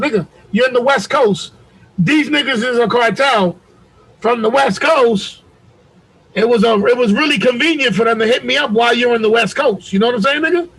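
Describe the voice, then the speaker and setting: This podcast co-host has a very high, fairly bright, husky voice, heard over a poor video-call connection. He tells an animated story full of swearing and heat, voicing the other people's lines himself.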